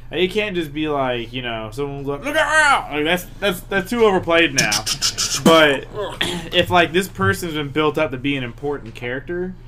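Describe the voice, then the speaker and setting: A man co-hosting a casual podcast chat, talking in an animated, loose way. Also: a little high, normal speed, a little hiss or hum. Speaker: podcast co-host.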